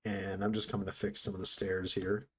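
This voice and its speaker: Husky-voiced male game streamer. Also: low-pitched, completely flat delivery, a little fast, a bit bright. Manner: chatty, talks to chat while building. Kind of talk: casual live-stream gameplay commentary.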